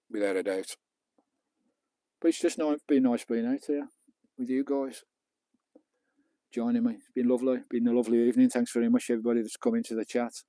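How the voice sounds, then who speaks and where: Chatty British man with a dark voice. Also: medium pitch, no echo. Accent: British English. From England. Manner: chatty, banters with viewers, mild swearing. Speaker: vlogger live-streaming. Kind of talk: casual live-stream chat. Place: outdoors on a beach at night.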